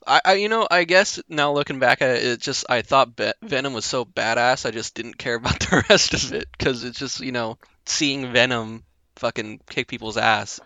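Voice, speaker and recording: A man's voice: mid-range voice, moderate pace, bright, forceful tone, dry recording. A young man co-hosting a podcast, chatting casually in a laid-back way, swearing casually. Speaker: podcast co-host. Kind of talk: casual chat.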